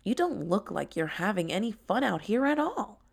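A woman's voice: mid-range voice, big pitch swings, normal speed, creaky, slightly rough, pitched above the performer's own voice, heavily acted. A woman voicing a cheerful, caring young female tiger in a storybook. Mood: concerned.

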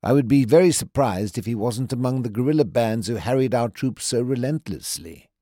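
Husky male audiobook narrator. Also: mid-range voice, no echo, clean studio sound. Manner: measured, even storytelling delivery. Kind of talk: scripted first-person narration.

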